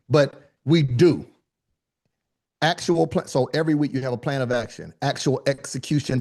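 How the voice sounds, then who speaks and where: A man teaching a live online speaking workshop, with lively, colloquial, high-energy delivery, calling on attendees by name. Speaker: speaking coach.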